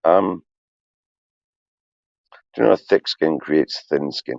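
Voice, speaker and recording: Very deep gravelly man. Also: animated, slow, long pauses, no echo, muffled recording. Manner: profane, emotional and confessional. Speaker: streamer. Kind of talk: rambling livestream talk.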